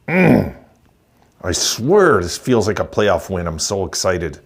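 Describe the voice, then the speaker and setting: A man in his sixties giving an excited, chuckling postgame rant as a hockey vlogger, repeating himself for emphasis. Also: low voice, unhurried. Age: 60s. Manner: gleeful, chuckling, emphatic repetition.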